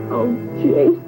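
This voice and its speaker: An actress playing an old ranger's fond sweetheart in a 1970 western film, fluttery and emotional. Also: female voice, low-quality recording.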